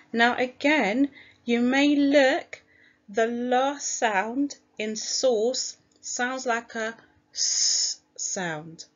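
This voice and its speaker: A woman teacher giving a recorded phonics lesson to young children, sounding out each letter slowly and clearly in a British accent. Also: medium pitch, lo-fi sound. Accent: British English. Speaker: primary school teacher.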